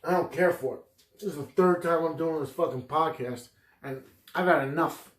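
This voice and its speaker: A man's voice: a little high, moderate pace. Profane rambling podcast man, echoey room. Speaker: podcast host. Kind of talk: rambling improvised comedy monologue.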